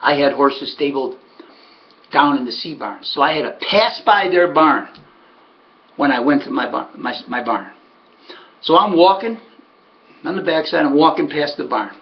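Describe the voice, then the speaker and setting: A man, a harness horse trainer, casually telling a story in an animated, emphatic way, repeating words for effect. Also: a little high, normal speed, long pauses. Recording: dull lo-fi recording.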